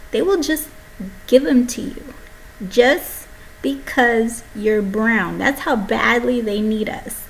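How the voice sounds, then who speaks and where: A young woman delivering a rambling, brash comedy monologue, swinging between loud outbursts and hushed asides. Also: fairly high pitch, creaky, a little hiss or hum, poor audio. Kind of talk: stand-up monologue.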